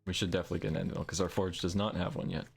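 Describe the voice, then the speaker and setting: Talking very fast in a deep, gravelly voice, a streamer plays a survival game live. He chats excitedly and playfully, throwing in goofy sound-effect noises.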